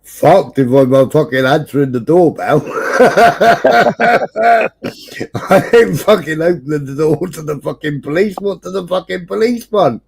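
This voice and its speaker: A man, hosting a livestream and telling a neighbourhood story in casual chat, swearing nonstop with animated delivery. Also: a little high, normal speed, gravelly, few pauses, slightly rough. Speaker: livestream host. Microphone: streaming setup.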